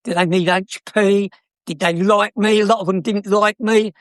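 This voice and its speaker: A man's voice: high voice, fairly even intonation, normal speed, fairly bright tone, no echo, studio quality. Cheeky older South London man. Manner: chatty, laughing, cheeky, acts out customers. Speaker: guest, former car dealer. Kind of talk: anecdotal storytelling.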